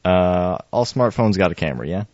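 A man's voice: low voice, lively intonation, fairly quick, darkish tone, dry recording. A man in casual podcast chat, laid-back, explaining gadgets with jokes and mild swearing. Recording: dry, dull lo-fi sound.

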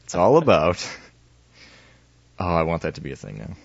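A man co-hosting a podcast in casual chat, quick and playful, laughing often. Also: low voice, huge pitch swings, vocal fry, no room sound, highs cut off. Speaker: podcast co-host.

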